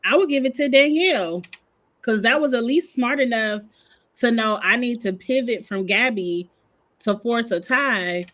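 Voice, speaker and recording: Slightly high-voiced woman co-host. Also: measured pace, fairly bright tone. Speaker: podcast co-host. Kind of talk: casual chat.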